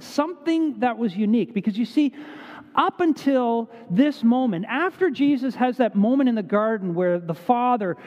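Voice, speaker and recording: A man's voice: extremely high pitch, a little mellow. A man preaching a sermon, telling the story vividly and repeating words for emphasis. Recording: dull echoey hall recording.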